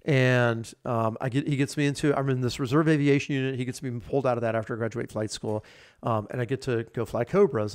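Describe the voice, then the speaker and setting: A man in his fifties tells a long career story as a podcast guest. He rambles, restarts sentences and leans on fillers. His voice sits in an ordinary middle pitch. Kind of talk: casual storytelling.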